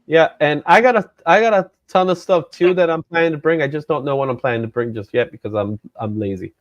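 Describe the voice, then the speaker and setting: A man's voice: fairly high pitch, quick pace, no room sound, muffled recording. A man hosting a comic book show in a loose, joking chat, with easy laughs. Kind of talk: casual chat.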